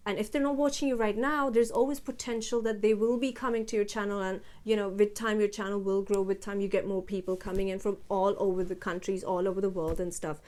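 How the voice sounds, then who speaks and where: A young woman talking casually to her phone camera for a vlog, slow and steady with lots of "like" and "you know". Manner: slow, steady, deliberate talk with a heavier low voice; chatty, with many fillers like "like" and "you know". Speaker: YouTuber.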